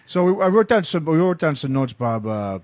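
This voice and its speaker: A man co-hosting a podcast, easygoing and quick to laugh. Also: fairly high pitch, big pitch swings, darkish tone, dry recording. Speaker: podcast co-host and producer. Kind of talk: casual chat.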